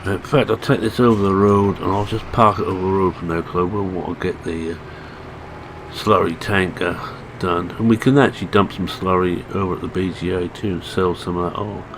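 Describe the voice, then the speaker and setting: Low gravelly Scottish man narrating gameplay. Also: steady tone, fairly quick. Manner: chatty, self-deprecating, thinking aloud. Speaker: gaming channel host. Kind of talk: casual gameplay commentary. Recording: game engine and vehicle noise behind.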